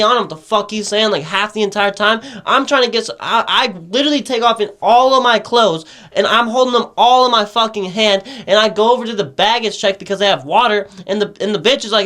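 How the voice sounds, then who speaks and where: A man's voice: high-pitched, bright, forceful tone. A young man telling a rambling, profane party story in casual podcast chat, peppering it with "right?".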